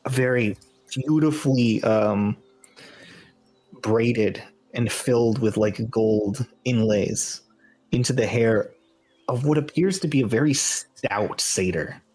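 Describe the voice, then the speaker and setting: Slow, husky-voiced man narrating a game. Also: medium pitch, darkish tone, soft background music. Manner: descriptive, hesitant with fillers. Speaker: game master.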